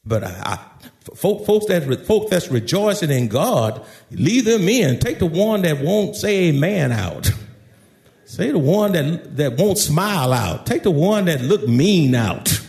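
A male pastor preaching a sermon in a church, shouting at times and dropping to quiet asides. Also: on the high side, sing-song, a little slow, gravelly. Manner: preaching with shouts, swinging loud and soft.

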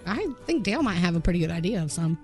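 A woman's voice: on the low side, big pitch swings, over loud music. A woman co-hosting a podcast, teasing her co-hosts and laughing in casual banter. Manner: teasing, quick-witted, laughs often. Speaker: podcast co-host.

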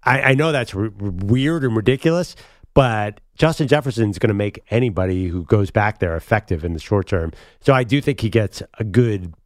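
A man co-hosting a sports talk show, arguing his picks confidently and pushing back quickly. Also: fairly low pitch, animated, no echo, studio quality. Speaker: sports radio co-host. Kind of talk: casual sports debate.

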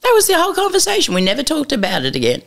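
A woman's voice: sits high, racing, vocal fry. A middle-aged woman telling candid stories as an interview guest, bluntly and with acted-out dialogue. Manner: blunt and lively, acts out dialogue, casual swearing.

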